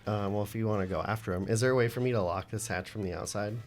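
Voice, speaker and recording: A man with a lowish voice playing a tabletop game, talking through plans with hesitant restarts. Soft music plays behind him. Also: rapid-fire. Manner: practical, planning, hesitant restarts. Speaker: player. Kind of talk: casual play at a tabletop game.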